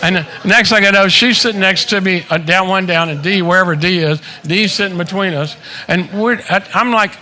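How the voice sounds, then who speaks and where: A man's voice: high-pitched, fairly quick, bright, forceful tone. A man in his seventies giving a casual, joking birthday speech at a party into a handheld microphone, swearing freely and laughing at his own stories. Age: 70s. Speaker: birthday speaker. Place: party venue with guests.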